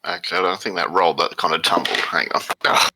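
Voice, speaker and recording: Low-voiced player with a bright edge. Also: male voice, fairly even intonation, quick pace, slight background noise, low-quality recording. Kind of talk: casual tabletop play.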